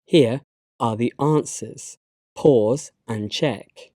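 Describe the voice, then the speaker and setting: A man with a British English accent, narrating a slide lesson and giving learners instructions in a measured, instructive way. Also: mid-range voice, mellow, no echo, studio quality. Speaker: English teacher.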